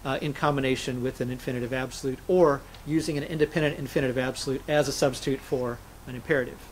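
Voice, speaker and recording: A man's voice: medium pitch, steady tone, fast, a little hiss or hum, low-quality recording. A man, a scholar and interview guest, explaining grammar methodically and illustrating points with spoken examples.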